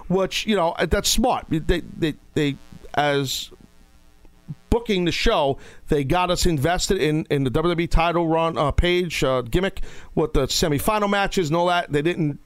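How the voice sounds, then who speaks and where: A man hosting a wrestling podcast, talking casually and loudly, with playful outbursts. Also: fairly high pitch, no room sound. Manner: loud, playful, breaks into shouting bits. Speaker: podcast host. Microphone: studio mic.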